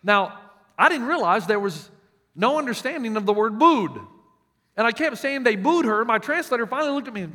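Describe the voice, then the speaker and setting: High, bright Southern US preacher in a hall. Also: male voice, expressive, fairly quick. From United States. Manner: emphatic storytelling preacher with many restarts. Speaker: pastor. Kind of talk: sermon. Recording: long reverb of a large hall.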